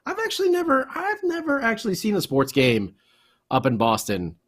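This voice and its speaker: Male podcast co-host, casual hockey chat, jokey and quick to laugh, slightly high voice. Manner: jokey and excitable, laughs often.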